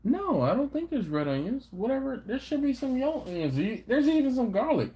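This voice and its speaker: A man's voice: very high voice, very animated, brisk, warm tone, slightly rough. A man hosting a barbecue live stream, casually reading viewer comments with playful, slangy banter. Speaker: barbecue channel host.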